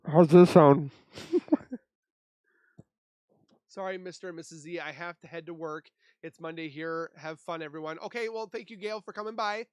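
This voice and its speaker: A man's voice: fairly high pitch, steady tone, a little fast, few pauses, a bit bright, smooth, no room sound, studio quality. A man from Minnesota hosting a casual livestream, chatting and reading viewer comments aloud into a desk mic. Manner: chatty, reads and answers chat aloud. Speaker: livestream host.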